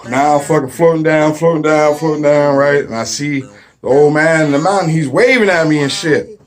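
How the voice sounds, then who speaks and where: A man rambles through a comic story, swearing in almost every line and tossing in fillers as he goes. His voice sits a little high for a man. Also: moderate pace. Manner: rambling, heavy swearing, frequent "you know what I mean". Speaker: comedic storyteller. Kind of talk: profane comedic storytelling.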